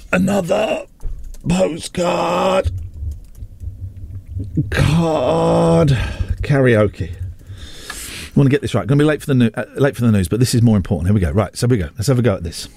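A man's voice: mid-range voice, lively intonation, normal speed, vocal fry, pauses often, warm tone, no room sound. A man hosting a radio show, giggly and rambling in playful studio banter.

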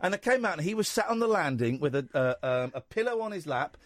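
A man's voice: on the high side, sing-song, fast, no room sound, studio quality. A man, hosting a late-night radio phone-in with rambling, teasing banter. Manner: jokey, rambling, teasing callers. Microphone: studio microphone.

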